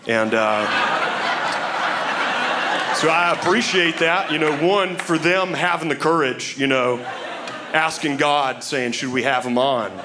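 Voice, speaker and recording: Man, stand-up comedian, ironic, laughs mid-joke, higher voice, live club recording. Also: measured pace, long pauses, noisy background. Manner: ironic, laughing through his jokes.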